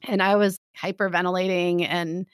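A woman in casual chat, telling a story in an animated way and acting out what people said. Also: on the low side, normal speed, clear, resonant tone, no echo, studio quality. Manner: animated storytelling, acts out quotes.

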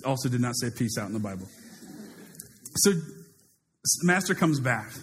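A man preaching a sermon in a casual, animated way, paraphrasing a story and acting out its characters. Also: mid-range voice, unhurried, long reverb tail.

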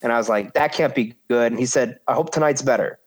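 A man's voice: mid-range voice, quick pace, slightly rough. A man in his thirties casually telling a story about his wrestling career, acting out quoted voices and swearing freely.

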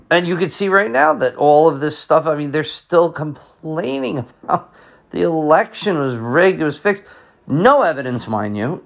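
A man's voice: on the high side, fairly bright tone. Man, middle-aged, american, impassioned monologue, rambling, restarts and fillers. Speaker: teacher and podcast host. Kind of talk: casual opinion monologue.

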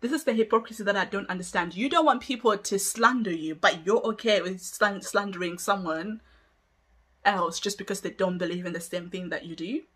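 A woman's voice: mid-range voice, brisk, a bit bright, slightly rough. A woman hosting a solo podcast, making an emphatic, argumentative case with many rhetorical questions and laughing between points. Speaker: podcast host.

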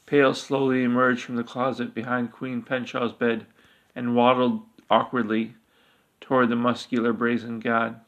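A man narrating a fantasy story aloud in a steady, even manner. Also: mid-range voice, moderate pace.

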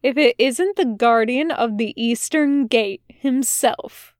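A woman's voice: on the high side, takes it slowly, dry recording, clean studio sound. Woman doing a wry, drawling male demon. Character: wry sardonic male demon, laid-back.

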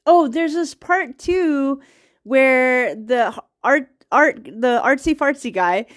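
A young woman eagerly retelling a film's plot in casual, rambling talk, laughing often and getting teary. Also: a little high. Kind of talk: casual movie recap.

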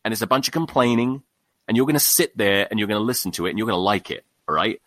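A man ranting on his solo podcast, cursing freely and mocking himself. His pitch swings widely as he talks. The sound is close and dry, with no room echo. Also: lively intonation, fast, a bit bright. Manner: profane, exasperated, self-mocking ranting. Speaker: podcast host.

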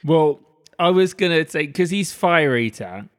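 A man's voice: on the high side, lively intonation, a little slow. A man co-hosting a podcast, chatting casually and joking. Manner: playful, joking. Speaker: podcast co-host. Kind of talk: casual chat.

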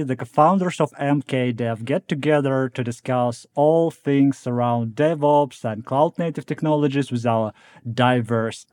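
A man's voice: mid-range voice, darkish tone. A man hosting a tech podcast, chatty and laughing often as he introduces and questions his guest. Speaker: podcast co-host.

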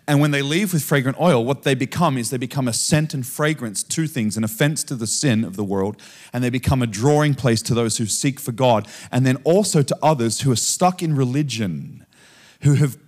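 A man preaching a sermon in a church, telling a story in a conversational, animated way with frequent asides to the congregation. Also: mid-range voice. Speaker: guest preacher. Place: church sanctuary.

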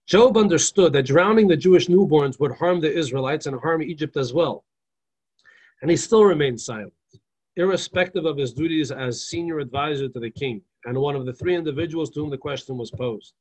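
A man's voice: on the high side, a little fast, a little mellow, husky. A man teaching a Torah lecture in an emphatic, moralizing way, pressing his points home through repetition. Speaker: religious teacher.

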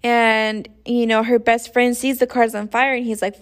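A woman's voice: fairly high pitch, level tone, normal speed, few pauses. A young woman casually retelling a story in a rambling, profane way, full of slang and fillers. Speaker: show recapper. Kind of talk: casual plot recap.

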